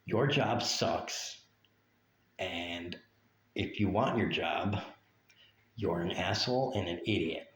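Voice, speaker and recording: A man's voice: low-pitched, takes it slowly, pauses often, a bit bright, echoey room. A man ranting bluntly in a vlog monologue, profane and sarcastic. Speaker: vlogger.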